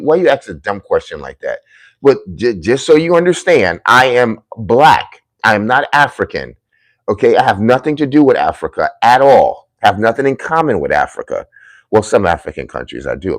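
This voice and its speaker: A male political commentator on a livestream, reading viewer comments aloud and answering them in a combative, scolding way, hammering his points in repeated lists. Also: sits low. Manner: combative, scolding, calls critics dummies; repetitive emphatic lists.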